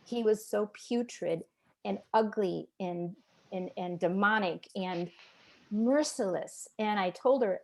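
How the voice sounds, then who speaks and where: Speaking slowly at a medium pitch, a woman in roughly her fifties shares a personal testimony as a guest in an interview. She tells it earnestly and with emotion, acting out the voices of the people she quotes.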